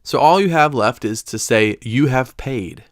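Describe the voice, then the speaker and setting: A man teaching a recorded language lesson, explaining slowly and deliberately with careful pronunciation. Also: mid-range voice, no echo, studio quality. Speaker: Spanish teacher.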